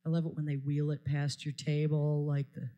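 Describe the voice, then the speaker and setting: A woman's voice: low-pitched, flat delivery, normal speed, warm tone, highs cut off. A woman doing a stand-up set on a live stage, telling stories in a dry, wry way. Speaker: stand-up comedian.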